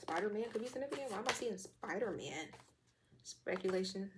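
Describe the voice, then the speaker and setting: A young woman doing a casual tarot reading, loose and profane, with a slightly hoarse throat. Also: mid-range voice, very noisy. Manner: fast, loose and profane, with lively quoted asides. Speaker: tarot reader.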